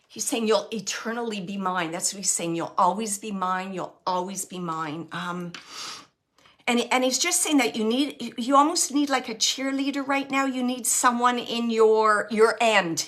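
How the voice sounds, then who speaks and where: A middle-aged woman working as a medium, relaying spirit messages in a live online reading and softly repeating the phrases she hears. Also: fairly high pitch.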